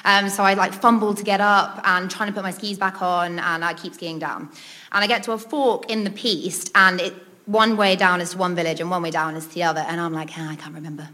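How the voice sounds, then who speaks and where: A woman's voice: on the low side, fairly even intonation, a little fast, bright, forceful tone. A woman telling a funny personal story in a chatty way, giggling often and dropping in ums. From Britain. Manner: chatty, giggles between lines, many ums. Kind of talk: comic personal anecdote.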